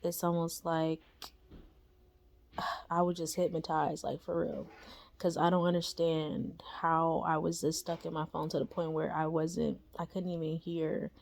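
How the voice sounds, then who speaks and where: A young woman with a low voice and a gravelly, fry-edged texture tells her own story in a loose, conversational way. She leans on slang, fillers and quick tag questions, and the delivery stays unpolished. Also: flat delivery, a little mellow. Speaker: storyteller sharing a spiritual experience. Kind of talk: casual personal storytelling.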